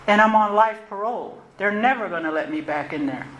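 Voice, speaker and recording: A woman, telling her personal recovery story to a meeting in a candid, conversational and animated way. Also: mid-range voice, a little fast, dull audio. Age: 60s. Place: meeting hall. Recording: roomy hall, faint noise.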